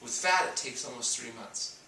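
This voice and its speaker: A doctor speaks to an audience about health and fasting, his medium-pitched voice lively, moderately paced, pushed and bright. He tells stories and acts out the dialogue of the people in them. The echoey room and distant mic carry slight background noise.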